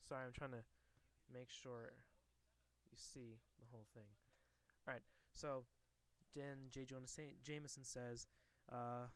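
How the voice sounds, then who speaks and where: A man's voice: medium pitch, fairly even intonation, a little slow, a bit bright, clear, resonant tone. A man casually reading a comic book aloud to a camera, hesitant with many fillers and restarts.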